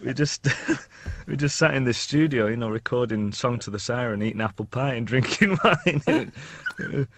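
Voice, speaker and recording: A man's voice: medium pitch, expressive, normal speed. A man, a singer telling anecdotes in a casual interview, chuckling often and restarting his sentences. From England. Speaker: guest singer.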